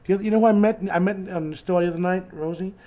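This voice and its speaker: A man hosting a casual call, telling a rambling, animated story about life as a street musician and often asking "you know what I mean". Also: high-pitched, quick pace, lo-fi sound.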